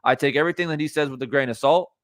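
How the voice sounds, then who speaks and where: A man's voice: fairly high pitch, very fast, no echo, studio quality. Blunt, profane man ranting live. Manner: blunt, profane, repeats points for emphasis. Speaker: streamer reacting to boxing news. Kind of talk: live-stream reaction rant.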